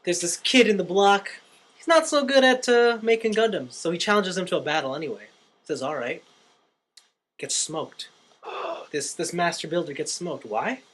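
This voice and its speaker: A man's voice: high-pitched, moderate pace. A young man co-hosting a podcast, casually recapping a film and acting out the characters' lines. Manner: animated storyteller, acts out quotes. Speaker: podcast co-host.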